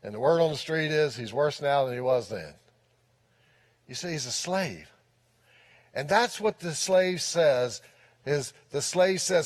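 A man's voice: on the high side, lively intonation, measured pace. A man preaching a sermon as pastor, earnest and repeating his key phrases for emphasis. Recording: long reverb of a large hall.

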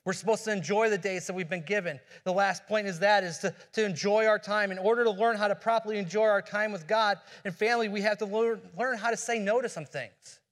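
A man's voice: sits high, steady tone, fast, few pauses, a bit bright. A man preaching a sermon as pastor, earnest, asking rhetorical questions and often restarting his phrases. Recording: long hall reverb.

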